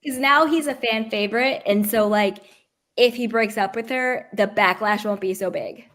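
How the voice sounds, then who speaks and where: A woman co-hosting a casual chat, agreeing readily and talking quickly with fillers. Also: mid-range voice, fairly bright tone.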